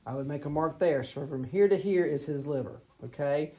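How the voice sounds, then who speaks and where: A woman's voice: sits low, moderate pace, mellow. A woman, teaching a physical exam to a class and checking in with her students as she demonstrates. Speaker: clinical instructor.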